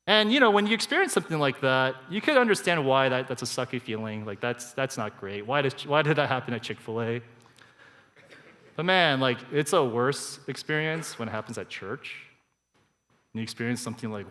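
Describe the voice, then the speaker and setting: A man, preaching a sermon in a relaxed, conversational way and telling personal stories with animated asides. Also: medium pitch, fairly quick. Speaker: pastor. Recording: church hall with long reverb.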